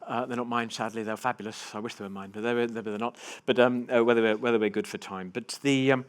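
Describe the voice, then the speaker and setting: A man giving a motivational keynote to a live audience, telling personal stories with big swings between hushed and loud delivery. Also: mid-range voice, steady tone, quick pace, clean tone. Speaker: keynote speaker. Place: conference stage before a live audience.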